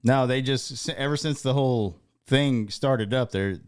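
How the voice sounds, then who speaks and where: A man's voice: mid-range voice, moderate pace, smooth. A man co-hosting a casual podcast in a laid-back way, swearing and saying dude. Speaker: podcast co-host. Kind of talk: casual sports and pop-culture chat.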